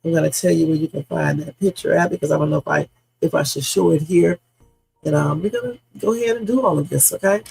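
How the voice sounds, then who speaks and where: A man hosting a casual news-reaction livestream, hoarse from a sore throat, chatting straight to his viewers with rambling asides. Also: on the high side, fast, darkish tone, poor audio. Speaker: livestream host. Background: background music.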